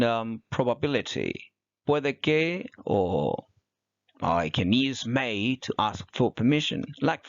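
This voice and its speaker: A man teaching an English grammar lesson, explaining slowly with examples. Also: medium pitch, no echo. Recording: dull, dry and lo-fi.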